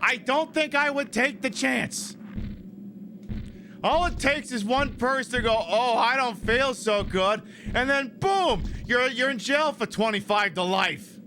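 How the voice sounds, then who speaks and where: A man's voice: very high-pitched, expressive, unhurried, bright, forceful tone, slight background noise. A man hosting a game stream, rambling and joking casually, swearing freely as he plays. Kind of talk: casual gameplay commentary.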